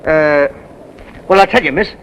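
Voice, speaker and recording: An actor playing a slangy, wheedling used-car dealer in a 1930s film comedy. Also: male voice, fairly high pitch, normal speed, a bit bright, slight background noise, rough recording. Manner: slangy, wheedling sales patter.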